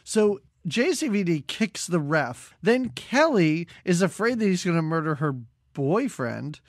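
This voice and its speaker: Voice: medium pitch, very animated, a little slow, no room sound, clean studio sound. A podcast co-host in casual movie-review chat, joking and laughing often while mocking scenes.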